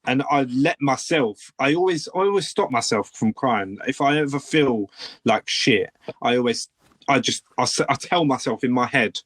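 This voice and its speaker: A man's voice: medium pitch, expressive, normal speed, fairly bright tone, breathy edge, no room sound. A man co-hosting a podcast from home, talking earnestly and openly about his feelings in casual chat. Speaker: podcast co-host. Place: home room.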